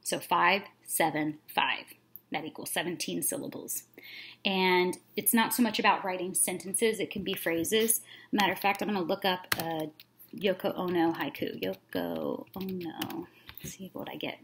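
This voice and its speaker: A woman teacher reading a children's book aloud, then talking through a lesson in a friendly, relaxed way with plenty of fillers. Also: fairly low pitch, normal speed, slight background noise.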